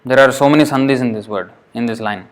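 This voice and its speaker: Guy explaining verse sounds in a class, mid pitch, slow and patient, breaks words into bits and restarts a lot. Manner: patient, repeats and spells out words slowly; frequent restarts, thinking aloud. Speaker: Sanskrit verse teacher. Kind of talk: informal explanatory lesson.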